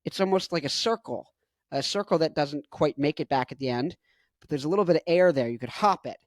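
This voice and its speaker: A man's voice: a little high, brisk, no room sound. A man in his twenties rambling in a jokey, self-mocking way as he talks to camera for his vlog. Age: 20s. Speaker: musician vlogger. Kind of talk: casual rant to camera.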